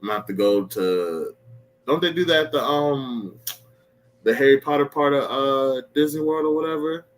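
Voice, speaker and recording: A man's voice: mid-range voice, moderate pace. Laid-back man, slangy casual chat. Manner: laid-back slangy talk, acts out his own lines. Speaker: guest wrestler. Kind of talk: casual podcast interview.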